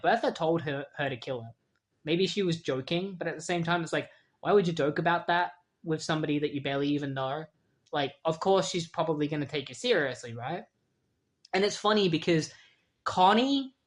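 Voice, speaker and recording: A comic book reviewer recapping a story in an easygoing, chatty way. Their delivery is full of fillers and wry asides, and their voice sits in a plain middle pitch. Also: animated, moderate pace.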